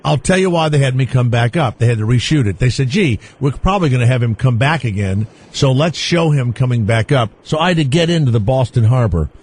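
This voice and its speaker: A man hosting a comedic radio talk show, teasing callers and guests in an animated way. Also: mid-range voice, a little fast, few pauses, a little hiss or hum. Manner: animated, teasing, breaks into shouts and laughs.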